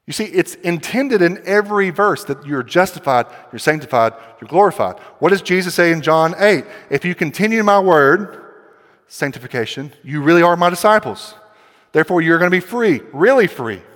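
Emphatic preacher in an echoing hall. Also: male voice, sits high, lively intonation, normal speed. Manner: emphatic preaching with rhetorical questions, building to loud passages. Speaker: pastor. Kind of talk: sermon. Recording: long hall reverb.

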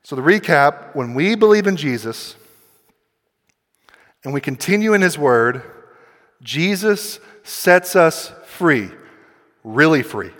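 A man preaching from the pulpit with a fairly high voice, pressing his points with questions and climbing into forceful stretches. The sound rings with a long reverb, as in a large church hall. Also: expressive, slow, pauses often. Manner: emphatic preaching with rhetorical questions, building to loud passages. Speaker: pastor. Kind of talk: sermon.

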